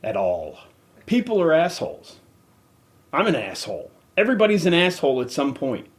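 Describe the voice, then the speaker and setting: A man's voice: fairly high pitch, huge pitch swings, moderate pace. A middle-aged man hosting a podcast, ranting angrily and cursing heavily. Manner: profane, heated, emphatic. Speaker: podcast host. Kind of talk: angry rant.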